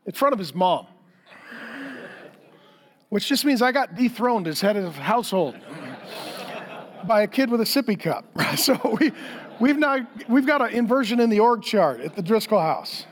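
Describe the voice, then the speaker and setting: A middle-aged male pastor with a notably high voice delivers a sermon. He tells animated, funny stories and keeps turning to the congregation with direct questions. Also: normal speed, pauses often. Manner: lively storytelling, acts out quotes for humor.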